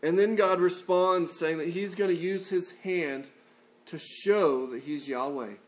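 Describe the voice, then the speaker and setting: A man's voice: high-pitched, a little slow. A male pastor preaching a conversational sermon and acting out the people in his stories.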